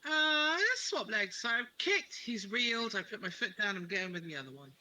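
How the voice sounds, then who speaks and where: A man's voice: high voice, animated, brisk, sharp tone, poor audio. A man playing a tabletop game, playfully declaring his character's actions. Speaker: player.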